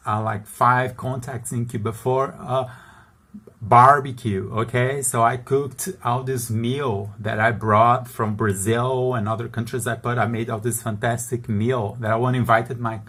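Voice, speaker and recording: A man's voice: medium pitch, fairly bright tone, breathy edge. A middle-aged man, an international salesman, telling stories in a casual, chatty monologue, often checking in with the listener and laughing between points.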